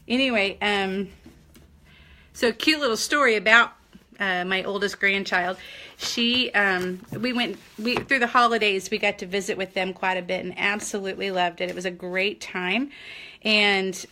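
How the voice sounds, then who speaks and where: A woman's voice: medium pitch, sharp tone. An older woman with a Southern accent, hosting a crafting live stream in casual chat, laughing often and greeting her viewers by name.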